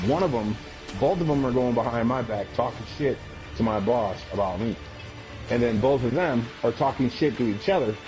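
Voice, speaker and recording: A man's voice: medium pitch, poor audio. Blunt, profane man telling a story. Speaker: live game streamer, Army veteran. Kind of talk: casual storytelling on a live stream.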